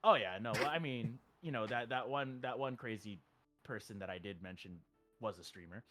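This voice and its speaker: A man's voice: on the low side, normal speed, fairly bright tone, soft background music. A man streaming, telling stories in casual chat, rambling with lots of "like" and chuckling between sentences. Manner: rambling storytelling full of "like".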